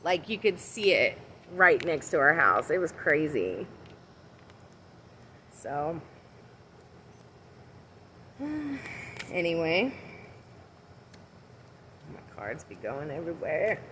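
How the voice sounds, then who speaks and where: A woman with a fairly low voice, chatting her way through a livestream tarot reading from outside her house. She rambles between cards and greets her viewers by name. Faint noise sits under her phone recording. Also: very animated, slow, long pauses, sharp tone, poor audio. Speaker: tarot and oracle card reader. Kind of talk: casual livestream card reading.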